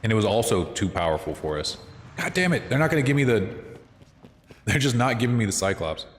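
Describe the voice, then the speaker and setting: A man's voice: on the low side, a little fast. A man streaming a video game, chatting with viewers in a loose, swear-filled way. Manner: animated, swears freely, chats with viewers. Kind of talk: casual gameplay commentary. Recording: echoey room with long reverb.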